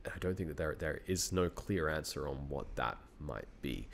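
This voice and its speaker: A man's voice: extremely low pitch, lively intonation, normal speed, gravelly. A man in his thirties with an Australian accent, a university researcher talking as a guest in a casual interview, thinking aloud and laughing often.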